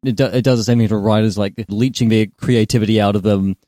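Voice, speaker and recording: Sex: man. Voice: mellow, deadpan co-host. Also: on the low side, quick pace, no echo, clean studio sound. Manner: rambling retelling with stumbles and deadpan jokes. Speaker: podcast co-host. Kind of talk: casual film discussion.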